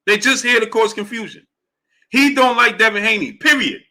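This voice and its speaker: Man, live-stream host, very bright, slightly high voice, repeats himself, argumentative. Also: moderate pace. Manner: animated, argumentative, repeats points; drops low and soft for chat shout-outs. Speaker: boxing show host. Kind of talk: live-stream commentary reading chat.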